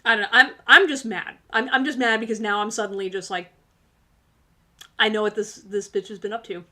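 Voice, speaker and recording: Sassy bright-voiced woman streamer. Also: medium pitch, steady tone, fairly quick. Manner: sassy, laughs often, talks straight to viewers. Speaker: tarot reader and livestream host. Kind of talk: casual livestream chat.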